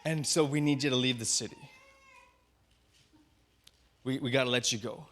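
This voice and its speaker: A man's voice: normal speed, fairly bright tone, lightly acted. A man playing a worried friend with a warning. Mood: urgent. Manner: low, urgent, confiding.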